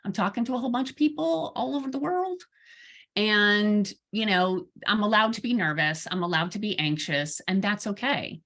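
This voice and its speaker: Woman therapist, casual talk to a group, very expressive pitch, acts out dialogue, self-deprecating humor. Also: normal speed. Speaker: therapist and guest speaker. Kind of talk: informal presentation to an online audience.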